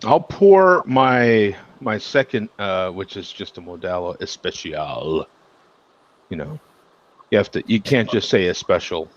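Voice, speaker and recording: A man hosting a casual chat over beers, with a lively voice that swings up and down. He laughs often and tells animated stories. The sound is dull and lo-fi, like a video call. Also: lowish voice, a little slow. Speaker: host.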